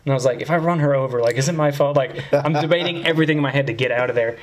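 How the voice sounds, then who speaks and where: Fast-talking man telling a crude story. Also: mid-range voice. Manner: crude, rambling, lots of "like". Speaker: podcast host telling a story. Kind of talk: casual podcast storytelling.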